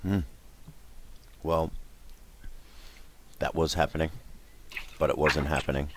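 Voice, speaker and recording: Very deep, flat-voiced male player. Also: background noise. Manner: deliberate, describes his character in third person. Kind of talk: tabletop game play.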